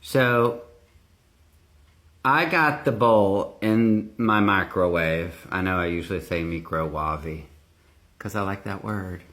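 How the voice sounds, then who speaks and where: A man's voice: lowish voice, takes it slowly, a bit bright. A man casually chatting through a home baking vlog, rambling with little asides. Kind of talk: casual chat. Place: home baking room, indoors. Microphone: phone, sometimes earbuds.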